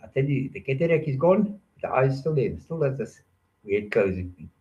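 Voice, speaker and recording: A man's voice: medium pitch, big pitch swings, a little fast, dark tone, lo-fi sound. An older man telling rambling stories in a playful monologue, joking and drifting from one topic to the next. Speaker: storyteller.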